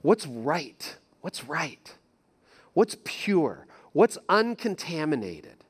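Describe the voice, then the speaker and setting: A man's voice: on the high side, big pitch swings, drawn-out words, breathy edge. A male pastor preaching in a conversational, emphatic way, often repeating his key phrases. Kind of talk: sermon.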